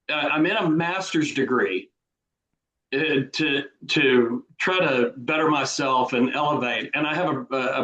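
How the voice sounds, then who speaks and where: A man with a long Southern drawl talks through his story as a podcast guest, circling back and restarting his sentences. His voice sits a little high for a man, and the room around him rings with echo. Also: fairly bright tone, lo-fi sound. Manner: slow drawling delivery with frequent restarts. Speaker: guest author. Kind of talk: casual interview chat. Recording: roomy echo.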